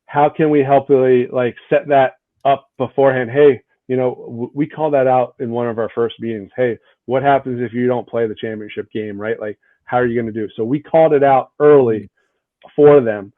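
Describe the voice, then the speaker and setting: An earnest man answers interview questions at a steady, mid-range pitch, often checking in with the listener as he goes. His voice comes through a narrow, tinny phone-like line with no room sound at all. The effect is like a guest calling in remotely. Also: moderate pace, dry recording. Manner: earnest, tags "right? like" often. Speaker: guest hockey coach.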